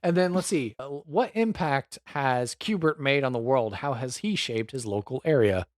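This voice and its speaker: A game master with a mid-range voice chats casually at a moderate pace, rambling and dropping plenty of fillers while he brainstorms a character for a tabletop game. The studio-quality recording has no echo.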